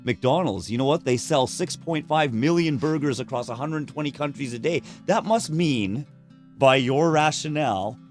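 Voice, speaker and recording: A man's voice: mid-range voice, normal speed, soft background music. Candid, profane man telling stories. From Canada. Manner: candid, profane, animated storyteller who acts out quotes. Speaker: podcast guest, musician. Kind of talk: casual conversational storytelling.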